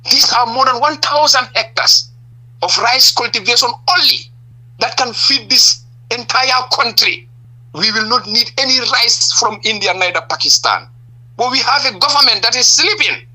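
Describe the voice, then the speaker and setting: Gambian politician guy on radio, super bright forceful voice, emphatic, keeps asking rhetorical questions. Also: extremely high pitch, normal speed, rough recording. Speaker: political party leader. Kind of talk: impassioned radio interview answers.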